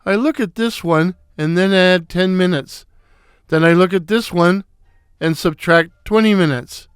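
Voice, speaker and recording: A man voicing a brash, crude, wisecracking male slapstick comic with a loud foghorn voice in a read-aloud story. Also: sits high, measured pace, smooth, no echo, clean studio sound. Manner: wisecracking, boisterous. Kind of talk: storybook character voice.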